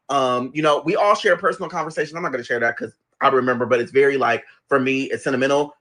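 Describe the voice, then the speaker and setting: A young man tells a personal family story in a loose, conversational way, acting out the lines of each relative as he goes. His voice is bright and forceful, with a mid pitch for a man. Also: quick pace, hardly any pauses. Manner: animated, acts out family members' lines in his own voice. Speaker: guest telling his story. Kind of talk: casual storytelling.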